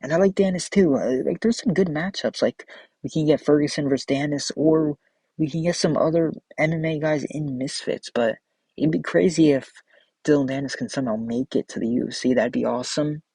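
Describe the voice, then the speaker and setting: Young male host, blunt casual reaction rant, husky voice, dry close sound. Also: a little high, fairly quick, mellow, no echo, poor audio. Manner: blunt, ranting, filler-heavy with frequent "like". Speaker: MMA reaction channel host.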